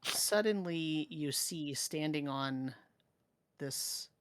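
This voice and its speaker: Slow, low-voiced woman game master. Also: clean tone, dry recording. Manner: slow, measured narration with hesitations. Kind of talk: narrating a tabletop game.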